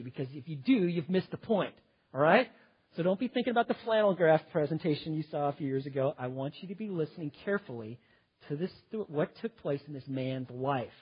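A man preaching a sermon, moving from loud, emphatic lines down to quiet, intense ones. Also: on the high side, husky, lo-fi sound. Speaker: pastor.

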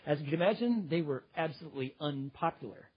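A slightly high, husky male voice delivers a sermon, climbing to loud emphasis and dropping to near-hushed intensity. The recording sounds muffled and lo-fi. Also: lively intonation, quick pace. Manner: dynamic preaching, swings between loud emphasis and quiet intensity. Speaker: pastor.

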